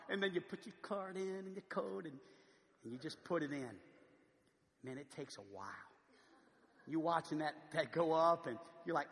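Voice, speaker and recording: A man's voice: sits high, lively intonation, fairly quick, a bit bright, long reverb tail. A man preaching a sermon in a large church, conversational, with frequent stammered restarts. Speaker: pastor.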